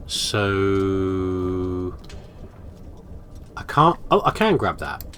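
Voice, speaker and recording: A man's voice: low voice, lively intonation, extremely slow, fairly bright tone. A man commentating his horror game playthrough in a playful, musing, self-mocking way. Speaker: gaming commentator. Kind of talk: let's play commentary.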